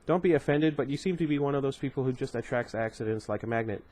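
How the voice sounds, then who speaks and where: A man voicing a mysterious teenage girl who speaks in a calm, matter-of-fact, teasing way. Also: mid-range voice, quick pace, lightly acted. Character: cool mysterious teen girl, guarded, teasing.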